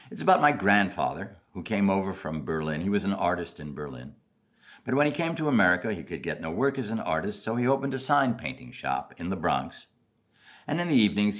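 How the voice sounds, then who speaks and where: Deep-voiced older man telling a story. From New York City. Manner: animated storyteller, jumping from loud highs to soft asides. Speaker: commencement speaker. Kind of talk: storytelling speech.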